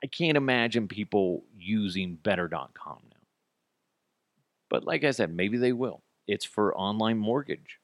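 A man's voice: on the low side, lively intonation, unhurried, dry recording. A man hosting a podcast alone, giving blunt, profane, sarcastic commentary. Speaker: podcast host. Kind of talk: solo commentary.

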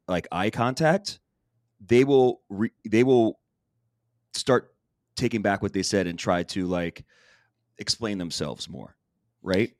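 A man's voice: fairly low pitch, no room sound, studio quality. A man co-hosting a podcast, talking in a rambling, candid way and swearing casually. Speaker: podcast co-host. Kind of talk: casual chat.

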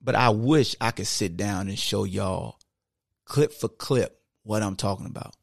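Gravelly dude on his podcast breaking down football plays, animated, talks like a coach. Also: mid-range voice, normal speed, dry recording, studio quality. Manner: slangy, conversational. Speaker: podcast host. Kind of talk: casual football film breakdown.

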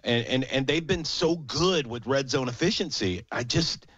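A man's voice: mid-range voice, normal speed, a bit bright, husky, dry recording. A man co-hosting a casual sports podcast, ranting heatedly and swearing freely. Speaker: podcast co-host. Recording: dull lo-fi dry sound.

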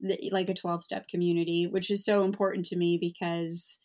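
A woman talking candidly as a guest author in a casual conversation, lively and given to mimicking people. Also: fairly low pitch, fairly quick. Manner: candid, animated, mimics others.

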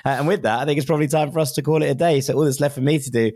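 A British man hosting a podcast, chatting in a relaxed, teasing way and laughing often. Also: fairly high pitch, racing. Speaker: podcast host. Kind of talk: casual chat.

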